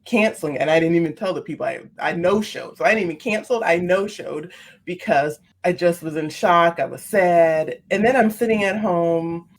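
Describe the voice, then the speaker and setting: A woman on a podcast, earnestly telling a personal story, her voice leaping up in pitch when she gets animated. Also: moderate pace. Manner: earnest, repeats phrases for emphasis. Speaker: podcast guest, speaker on seizing the day.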